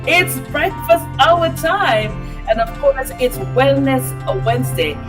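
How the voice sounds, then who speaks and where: A woman co-hosting a morning web radio health show, greeting listeners in an upbeat, lively way. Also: high-pitched, takes it slowly, music in the background.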